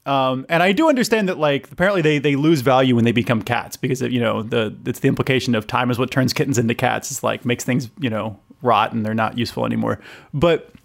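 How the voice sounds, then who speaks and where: A man's voice: medium pitch, fast, gravelly. A man co-hosting a casual podcast, rambling with lots of fillers and laughing often. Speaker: podcast co-host. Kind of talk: casual chat.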